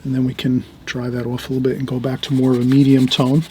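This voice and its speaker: A middle-aged man giving an easygoing oil painting lesson, talking while he works and often trailing off softly. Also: mid-range voice, monotone, fast, a little hiss or hum. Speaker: painting instructor. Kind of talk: relaxed painting tutorial.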